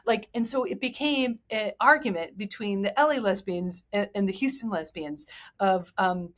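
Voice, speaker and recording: A woman's voice: medium pitch, moderate pace, a bit bright. A woman hosting a podcast in a chatty, candid, rambling way. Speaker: podcast host. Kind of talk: casual chat.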